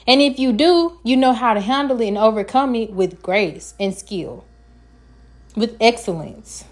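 A woman's voice: fairly high pitch, lively intonation, measured pace. A woman hosting her own podcast, giving an earnest, encouraging self-help talk and sometimes stumbling over her words. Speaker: podcast host.

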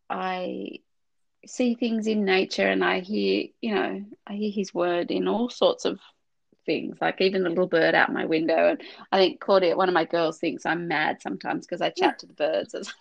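A woman's voice: mid-range voice, creaky, no echo. A middle-aged woman co-hosting a casual faith podcast, talking in a heartfelt, rambling way with many restarts, close to tears at times. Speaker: podcast co-host.

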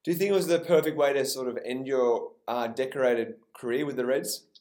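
A man's voice: medium pitch, fairly quick, a little mellow. A man hosting an interview, asking short questions. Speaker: interviewer, host.

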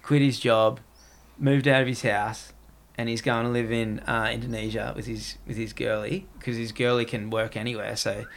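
Gravelly man rambling. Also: medium pitch, little pitch movement, moderate pace. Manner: rambling, heavy use of "like". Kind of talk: casual podcast chat.

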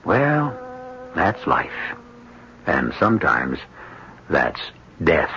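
A man hosting a radio mystery show, giving scripted introductions in a measured, wry manner with dramatic pauses. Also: low voice, sing-song. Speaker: host. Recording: dull old radio broadcast with music.

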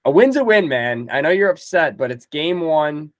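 A man's voice: fairly high pitch, sing-song, normal speed, no echo. A man co-hosting a sports podcast, bantering in an upbeat, reassuring way. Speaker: podcast co-host. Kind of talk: casual sports chat.

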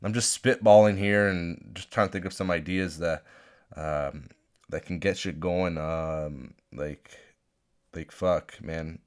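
A man's voice: low voice, fairly even intonation, slow, smooth. A young man hosting a solo podcast, ranting and rambling with lots of swearing and restarts. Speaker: podcast host. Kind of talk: unscripted solo rant. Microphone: phone.

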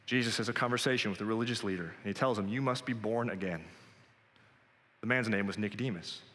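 A pastor delivers a sermon from a church sanctuary, his voice bright and forceful yet on the low side, with long hall reverb around it. He sounds earnest and conversational, rising to emphatic peaks.

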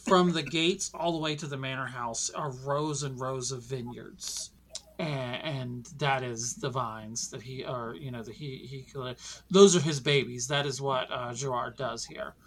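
A woman running a tabletop game as narrator, describing scenes in an eerie, unhurried way. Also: a bass voice. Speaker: game master.

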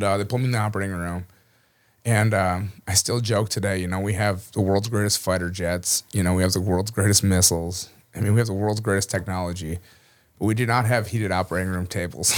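A man from Minnesota, an army veteran, telling a personal story in a casual way, chuckling often and saying "you know" a lot. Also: low voice. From Minnesota, USA.

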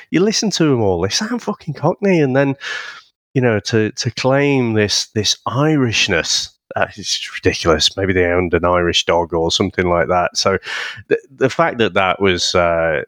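A man's voice: on the low side, fairly bright tone, no room sound, studio quality. A man chatting easily and laughing on a film podcast. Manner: easygoing, laughs often, swears casually. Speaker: podcast co-host. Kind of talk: casual film podcast chat.

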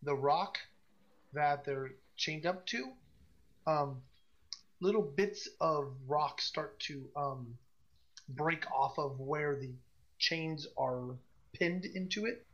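A man narrating a tabletop game as game master, slow and hesitant with many fillers. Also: a little high, fairly bright tone, dull audio.

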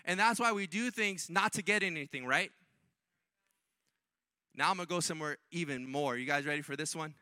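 A man's voice: fairly high pitch, brisk, pauses often, sharp tone, smooth, no room sound, clean studio sound. A man preaching a sermon in a church, in a repetitive call-and-response way that rises to impassioned peaks. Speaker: pastor.

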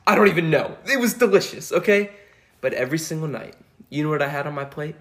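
An animated young man spins a story on a casual podcast, his voice sitting a bit higher than most men's. He keeps checking in with his listener as he goes. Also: brisk. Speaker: podcast co-host.

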